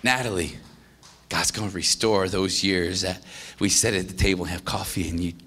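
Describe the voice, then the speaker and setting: A man preaching a sermon as pastor, animated and excited, swinging from loud exclamations to hushed confession and often restarting his phrases. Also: low-pitched, moderate pace, slight background noise.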